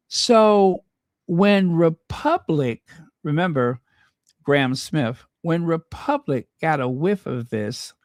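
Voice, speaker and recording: A man's voice: on the high side, no echo, clean studio sound. A man hosting a commentary channel, reading news aloud with chatty, sarcastic asides to his viewers. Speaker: royal commentary channel host.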